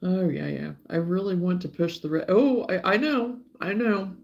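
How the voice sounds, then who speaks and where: A woman's voice: on the low side, moderate pace, gravelly, a little mellow, muffled recording. A woman with an Arkansas accent hosting a casual livestream, chatting and laughing as she answers viewers by name. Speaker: livestream host.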